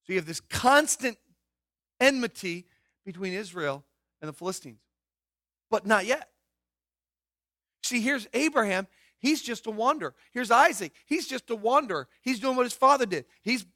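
A man's voice: on the high side, pushed and bright, dry recording, clean studio sound. A man preaching a sermon in an emphatic way, asking rhetorical questions and dropping his voice to stress points. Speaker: pastor.

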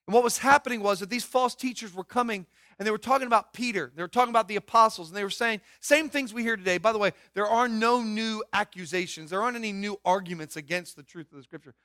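A man preaching a sermon, asking his listeners questions and swinging from loud outbursts to hushed asides. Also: sits high, fast, few pauses, no room sound, studio quality. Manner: asks the congregation questions. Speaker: pastor.

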